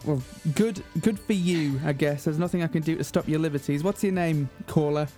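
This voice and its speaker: Goofy radio dj guy, kinda high voice, mellow, over the top excited. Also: brisk, faint music behind. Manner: playful, mock-theatrical, excitable. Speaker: radio host. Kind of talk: jokey community radio patter.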